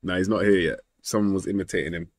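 A young man streaming a football manager game, excitable and slangy, yelling at the match and trash-talking his friend. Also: low voice, quick pace, no room sound. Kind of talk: casual gaming banter.

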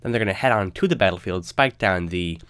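A man's voice: low-pitched, quick pace, fairly bright tone, clear, resonant tone, dry recording. A young man with a stuffy, nasal voice from a cold, casually narrating a game guide with loose, rambling fillers. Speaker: game guide video host.

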